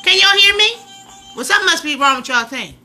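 A woman hosting a casual livestream on her phone, loud and slangy, laughing and talking straight to her viewers. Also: extremely high pitch, expressive, quick pace, soft background music. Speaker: livestream host.

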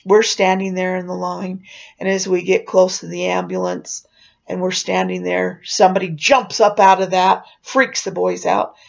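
A woman's voice: lowish voice, level tone, normal speed, vocal fry. A woman telling a spooky personal story dramatically, dropping into whispers for suspense. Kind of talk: oral storytelling. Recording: dull lo-fi recording.

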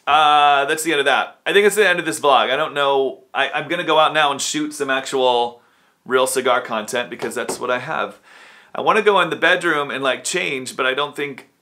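A man casually vlogging at home, sleepy and rambling in a low-key, self-deprecating way. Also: moderate pace, sharp tone, a little hiss or hum. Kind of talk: casual vlog chat. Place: at home, indoors. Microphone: camera or phone on a stand.

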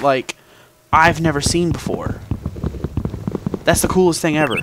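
Pausing often at a normal pace, this fairly high-voiced man hosts a gaming video, musing out loud, humming little effects and addressing the game in casual commentary. Mouse clicks, keyboard taps and background noise fill the recording.

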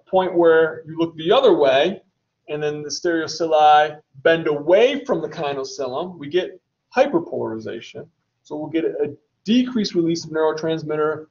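A man giving a recorded college anatomy lecture, energetic and checking in with "okay?" after nearly every point. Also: on the high side, highs cut off. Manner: energetic, peppers lines with "okay?" and "all right".

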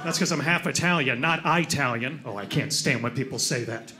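A man doing stand-up comedy on a club stage, animated and slipping into mimicked voices for quotes. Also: mid-range voice, fairly quick, slight background noise.

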